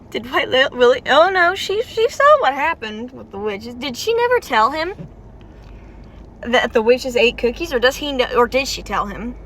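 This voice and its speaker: A woman with a high, bright voice talks through a game's story in a casual reaction vlog. She is chatty and emotional, with lots of "like" fillers. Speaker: game story reaction vlogger.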